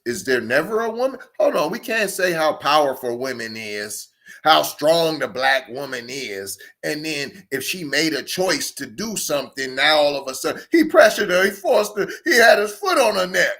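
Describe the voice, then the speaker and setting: A man's voice: fairly high pitch, a bit bright. A man giving a heated commentary rant, mocking and firing off rhetorical questions, often stammering and restarting as he picks his words. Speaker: online commentator.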